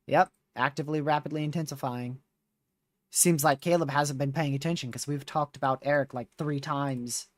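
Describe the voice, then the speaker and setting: Reading radar on his live severe-weather stream, this host talks casually with viewers, though his voice is starting to give out. He has a mid-range voice, recorded dry.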